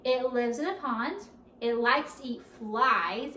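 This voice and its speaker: A woman leading a children's storytime at a library, speaking slowly and encouragingly and asking the children questions as she goes. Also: fairly high pitch, a bit bright, slight background noise. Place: library room. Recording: roomy, distant camera audio.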